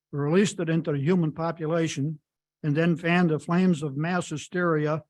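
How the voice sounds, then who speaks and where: A man's voice: a little high, a little mellow. A man reading a prepared public comment at a meeting, emphatic, with small stumbles.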